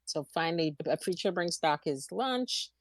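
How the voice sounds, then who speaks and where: A woman's voice: lowish voice, animated, normal speed, dry recording. A woman co-hosting a podcast in casual chat, laughing along and agreeing as she recaps scenes. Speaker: podcast co-host.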